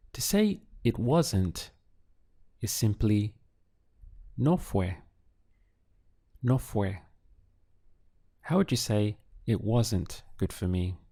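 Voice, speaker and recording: A man whose first language is Spanish, giving a slow audio language lesson and drilling phrases with patient pauses. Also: on the low side, mellow. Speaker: Spanish tutor.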